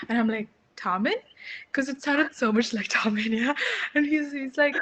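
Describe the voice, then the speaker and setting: A young woman co-hosting a casual chat show, telling a story in an animated way and swearing freely. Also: fairly high pitch, moderate pace. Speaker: co-host.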